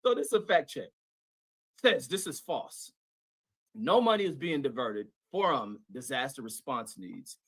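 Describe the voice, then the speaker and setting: A man's voice: medium pitch, lively intonation, a little slow, a bit bright, breathy edge, no room sound. A man in a heated live-stream debate, needling his opponent and reading fact checks aloud. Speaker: debate panelist.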